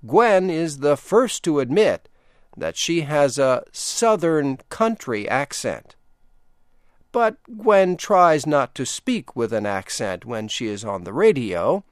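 Older male radio announcer, Eastern Shore accent, slow measured read, somewhat high voice, dry booth. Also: no room sound. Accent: Eastern Shore of Delaware. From Delaware, US. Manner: deliberate, measured delivery with lively intonation. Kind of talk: slow scripted broadcast reading.

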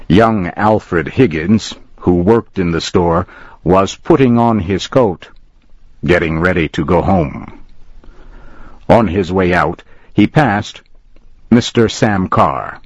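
A man narrating a story in slow, plain, carefully spoken language for learners. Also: low-pitched, no echo, dull audio.

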